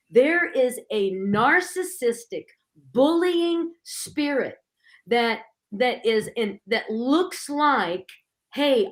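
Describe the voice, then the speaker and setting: Brief: middle-aged woman, fairly high voice, lively faith-talk guest who acts out quotes. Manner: animated storytelling, acting out quoted voices. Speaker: guest speaker. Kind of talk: conversational Christian talk.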